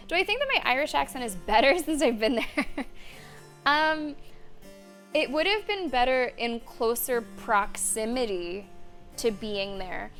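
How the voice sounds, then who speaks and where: A woman streaming a game and chatting casually, animated and loose, who swears and laughs freely, in a warm room with a fan running. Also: on the high side. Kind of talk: casual gameplay commentary.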